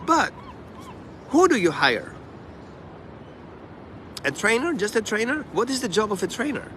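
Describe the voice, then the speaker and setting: A man who trains dogs, talking casually on a live stream and acting out the dog and the owners in quick asides. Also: high-pitched, very animated, background noise.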